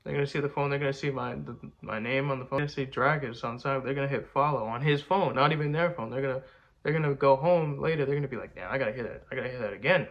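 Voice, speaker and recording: A man's voice: mid-range voice, steady tone, quick pace, highs cut off. A young man chatting casually, rambling and boastful, full of slang like bro and man. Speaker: rapper answering fan questions. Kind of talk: casual chat.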